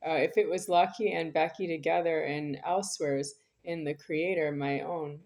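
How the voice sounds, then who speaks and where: A woman's voice: low-pitched, fairly even intonation, normal speed, darkish tone. A woman talking in a rambling spoken monologue, insistent and circling back over the same phrases.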